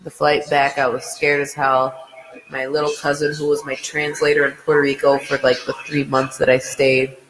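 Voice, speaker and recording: A man's voice: on the high side, completely flat delivery, normal speed, a bit bright, in a large hall, a little hiss or hum, low-quality recording. A man co-hosting a podcast, chatting casually in a rambling way and swearing freely. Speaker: podcast co-host. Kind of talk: casual chat.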